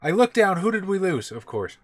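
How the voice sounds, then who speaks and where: A man's voice: high-pitched, a little fast, no echo. Laid-back man game master, dry sound. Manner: relaxed, loose and profane. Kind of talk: casual chat running a tabletop session.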